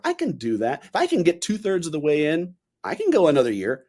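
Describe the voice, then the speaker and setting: A man in his forties, a podcast guest, chatting casually and telling animated stories in which he acts out the voices he quotes. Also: a little high, brisk. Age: 40s. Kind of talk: casual interview chat.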